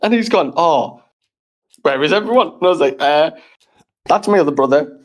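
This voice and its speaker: A man's voice: on the high side, expressive, normal speed. A man telling a funny story on a podcast, swearing, laughing and acting out the quotes. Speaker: podcast host. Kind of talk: casual storytelling chat.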